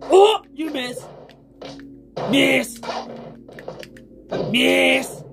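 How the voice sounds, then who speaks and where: A woman giving excited gameplay commentary, yelling at the screen over a match. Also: sits high, extremely slow, vocal fry, pauses often. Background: game music.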